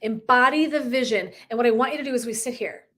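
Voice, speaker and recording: A woman's voice: a little high, quick pace, fairly bright tone. Emphatic, swearing woman coach. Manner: emphatic, profane, laughs often, acts out dialogue. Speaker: wellness and life coach. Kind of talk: live motivational coaching talk.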